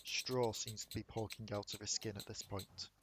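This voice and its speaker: A man narrating a tabletop game as game master, in a measured, atmospheric way. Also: on the low side, little pitch movement, noisy background.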